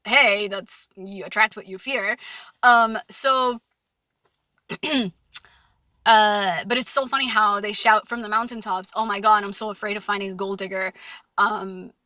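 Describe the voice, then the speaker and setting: A woman's voice: on the high side, bright, forceful tone, no room sound. A young woman talking frankly about dating in a casual monologue, full of fillers and anecdotes. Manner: chatty, frank, anecdote-driven with many fillers. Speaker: dating advice commentator.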